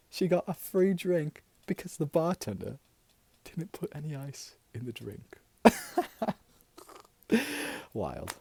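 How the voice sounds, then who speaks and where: A man's voice: mid-range voice, darkish tone, breathy edge, dry recording, full character voice. A man playing a chatty middle-aged auntie in an ASMR role-play, rambling, giggling and repeating himself as he tells pointless stories close to the mic. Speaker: aunt character in role-play.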